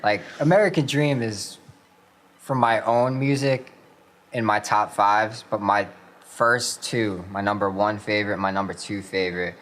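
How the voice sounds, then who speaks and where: A man's voice: fairly low pitch, a little slow, fairly bright tone. A young man, a rapper, chatting casually about his music as a radio guest, with many fillers.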